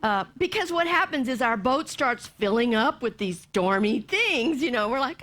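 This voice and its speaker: Woman minister preaching, slightly high voice, expressive delivery that slips into soft whispers. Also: moderate pace, few pauses. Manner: animated, acts out voices, drops to soft near-whispers. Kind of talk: sermon.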